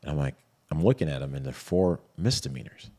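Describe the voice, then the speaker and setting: A man's voice: rumbling low, a little fast, creaky, slightly rough. A man in a casual interview, telling his story animatedly and acting out what others said. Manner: animated, retells scenes with quoted voices. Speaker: interview guest.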